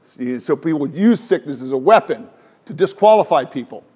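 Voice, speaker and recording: Middle-aged male pastor, higher-pitched, animated sermon delivery with rhetorical questions. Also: fairly quick, husky.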